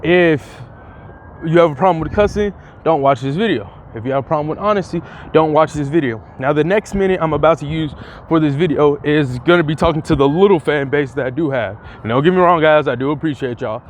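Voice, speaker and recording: Young male vlogger, high for a man, loose rambling delivery with cursing and false starts, faint noise behind him. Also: fairly quick. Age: young adult. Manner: rambling and profane, with frequent restarts. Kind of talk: casual vlog commentary.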